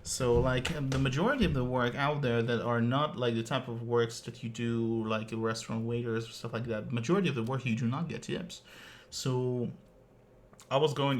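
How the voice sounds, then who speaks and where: A man's voice: mid-range voice, fairly even intonation, moderate pace, a little hiss or hum. Man in a rambling, swearing rant. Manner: rambling, swears, many "like" fillers. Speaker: streamer. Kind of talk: casual storytelling rant.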